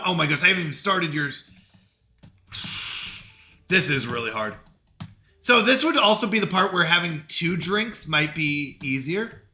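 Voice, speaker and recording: A man's voice: sits high, pushed and bright. A man with a Canadian accent, chatting frantically to himself and his stream while playing a game. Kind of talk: live-stream gameplay chat.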